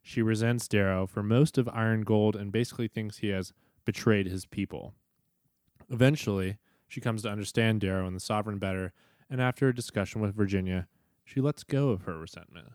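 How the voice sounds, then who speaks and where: A man hosting a casual podcast, upbeat and quick to laugh. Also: on the low side, a little mellow, no echo, clean studio sound. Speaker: podcast host.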